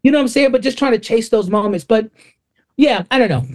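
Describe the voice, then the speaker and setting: A man's voice: very high-pitched, quick pace. Candid man guest telling stories. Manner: candid, storytelling, salty language. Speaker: podcast guest. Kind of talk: casual interview chat.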